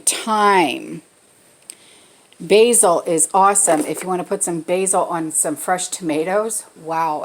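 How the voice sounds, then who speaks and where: A woman in her forties chatting casually in a pantry vlog from her home kitchen, often checking in with the viewer. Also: on the low side. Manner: chatty, keeps checking in with "okay?". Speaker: vlogger. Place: home kitchen, cooking while talking.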